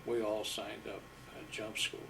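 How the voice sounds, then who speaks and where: An older man with a fairly low voice recalls his army days, humble and unhurried, with frequent pauses and fillers. He sits a little away from the microphone, and faint background noise is in the recording. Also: monotone, creaky, distant mic. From Iowa, USA. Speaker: war veteran interviewee. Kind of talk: storytelling interview.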